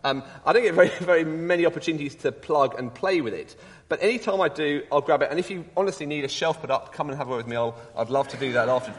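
Lively preacher in a reverberant hall. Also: male voice, a little high. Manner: earnest, lively, with personal anecdotes and rising emphasis. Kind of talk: sermon.

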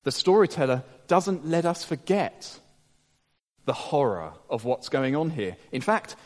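A man preaching a sermon in an unhurried, dramatic way. He sinks to hushed low phrases, then builds to emphatic peaks. His voice rings with the long reverb of a large hall.

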